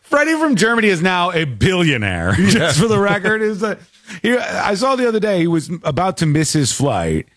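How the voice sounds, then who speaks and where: Male host, expressive comedic storyteller, slightly higher voice. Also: normal speed, no echo. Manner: animated, jokey storytelling. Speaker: show host. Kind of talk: comedic commentary on a news clip.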